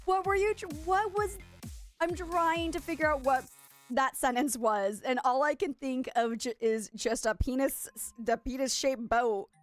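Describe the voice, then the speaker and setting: A woman chatting on a gaming stream, excitable and quick to gasp. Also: sits high, soft background music. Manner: excitable, gasping, giggly. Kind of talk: live gaming stream chat.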